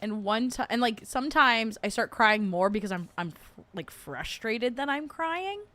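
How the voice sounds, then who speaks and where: A woman's voice: a little high, lively intonation, normal speed, pushed and bright. A woman hosting a casual livestream chat, rambling with lots of fillers and laughing often as she gets emotional. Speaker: podcast host.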